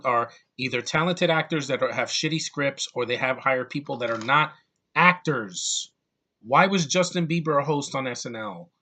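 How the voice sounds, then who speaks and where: A young man giving a casual, opinionated movie review, blunt and ranting, swearing freely and repeating words when excited. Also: mid-range voice.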